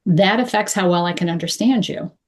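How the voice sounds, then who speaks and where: A woman coaching clear English, speaking deliberately and modeling phrases slowly with pauses. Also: lowish voice. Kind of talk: instructional talk to camera.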